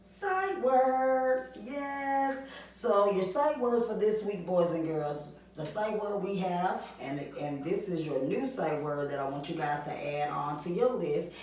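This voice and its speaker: A woman's voice: low-pitched, darkish tone, slight background noise. A woman teaching a reading lesson to young children, asking questions in a sing-song way and answering them herself. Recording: distant mic, very echoey room.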